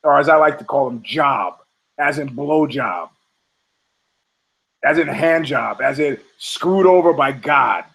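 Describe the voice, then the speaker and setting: A man's voice: medium pitch, lively intonation, slow, gravelly, pauses often, fairly bright tone, low-quality recording. A man hosting a podcast, delivering a rambling, profane comedic monologue and acting out quoted characters in funny voices. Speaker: podcast host.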